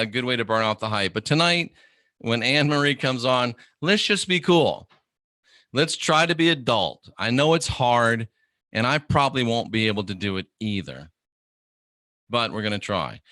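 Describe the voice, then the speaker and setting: A middle-aged man hosting a livestream, delivering an animated, preachy monologue and mimicking the people he quotes. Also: medium pitch, no echo, clean studio sound. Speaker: host of an online channel.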